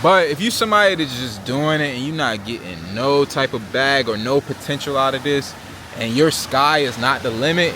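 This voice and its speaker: A man's voice: medium pitch, noisy background. A young man from Virginia Beach with an American accent talks casually to the camera as a travel vlogger. He speaks earnestly and uses slang, often tagging his sentences with "right?" and "you know?". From Virginia Beach, Virginia, USA. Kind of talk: casual vlog talk to camera.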